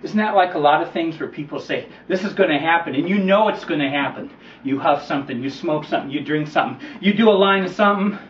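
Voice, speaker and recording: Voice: mid-range voice, animated, fast, slight background noise. A counselor telling a story with a moral in a conversational way. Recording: dull roomy recording from a distance.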